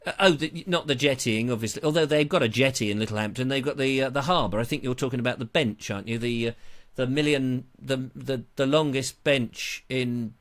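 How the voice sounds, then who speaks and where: A man's voice: mid-range voice, brisk. A middle-aged man from England hosting a casual live-stream chat, rambling and joking at his own expense. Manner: rambling, jokey, self-mocking, slips into silly voices. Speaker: host of a live online show.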